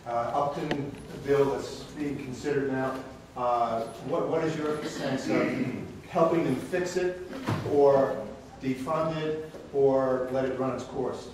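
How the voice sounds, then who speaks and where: A man with an average-pitched voice asks an earnest question from the audience and pauses on fillers. He sounds far from the mic. The hall is very echoey, with clear noise behind him. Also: steady tone. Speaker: audience member asking a question.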